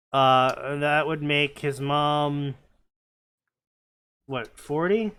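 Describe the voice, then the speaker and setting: Slow, smooth-voiced sarcastic man. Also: on the high side, fairly bright tone. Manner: sarcastic, nitpicking, frequent stammered restarts. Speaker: fanfiction reader and commentator. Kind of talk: reading fanfiction aloud with sarcastic commentary.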